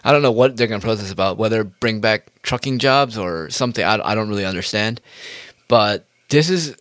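A man's voice: lowish voice, brisk, a bit bright, no echo, clean studio sound. A man ranting in a casual monologue, swearing a lot and jumping from topic to topic. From United States. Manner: profane, heated, jumps between topics.

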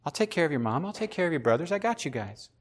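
A man voicing God the Father as a gentle, reassuring male presence, spoken softly and calmly. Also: fairly high pitch, rapid-fire.

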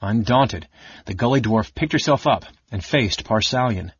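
A man narrating a fantasy audiobook with a steady, expressive reading. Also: fairly low pitch, moderate pace, husky, highs cut off. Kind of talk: scripted narration.

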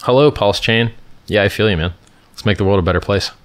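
Casual livestream host, male, from California, low voice, emphatic, repeats himself and restarts lines. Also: fast. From Stockton, California, USA. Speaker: livestream host answering viewer questions.

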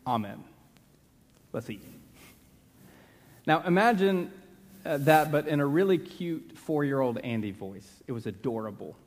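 A man preaching a sermon as pastor, earnest, slowing down and dropping to a hush to stress a point. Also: a little high. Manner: earnest, slows down and drops to a hush for emphasis. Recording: long reverb of a large hall.

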